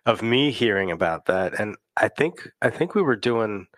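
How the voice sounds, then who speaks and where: A man talking through his past in recovery during a relaxed conversation. He wanders and restarts as he thinks aloud, and the recording is dry and close, with little room sound. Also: fairly low pitch, normal speed, dry recording. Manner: reflective, rambling with restarts. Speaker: person in recovery sharing experience. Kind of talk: casual personal conversation.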